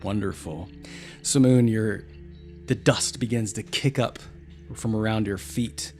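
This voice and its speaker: A man's voice: lowish voice, a little slow, darkish tone, soft background music. A man running a tabletop fantasy game, describing scenes and calling for dice checks. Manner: theatrical, descriptive narration. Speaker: game master.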